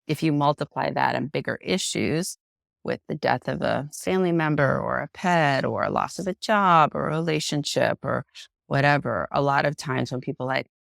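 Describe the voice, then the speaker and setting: Gravelly-voiced woman therapist, reflective. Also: rumbling low, normal speed, dry recording, studio quality. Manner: reflective, expressive, acts out quoted voices; frank and personal. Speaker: psychotherapist guest. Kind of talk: unscripted podcast conversation.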